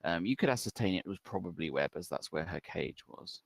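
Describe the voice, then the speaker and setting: A man narrating as the game master of a tabletop game, relaxed and full of ums. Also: deep voice, brisk, vocal fry.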